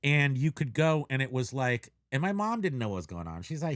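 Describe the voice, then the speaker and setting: Middle-aged man, co-host, rambling and self-deprecating, dry room, mid-pitched. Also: very animated, a little fast, few pauses, no echo. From Menlo Park, California. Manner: rambling, self-mocking storyteller. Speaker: co-host of a reselling live show. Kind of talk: casual live-stream chat.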